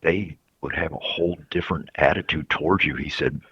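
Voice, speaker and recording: A man giving reflective interview answers in a halting, soft-spoken way with many restarts. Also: rumbling low, breathy edge, no echo. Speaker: incarcerated interviewee. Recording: dull lo-fi recording.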